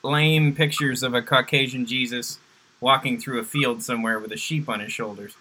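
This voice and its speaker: A man's voice: medium pitch, fairly even intonation, moderate pace, sharp tone, poor audio. A man hosting a talk about faith, speaking casually and wryly. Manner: casual, conversational, wry. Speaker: host. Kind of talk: faith discussion.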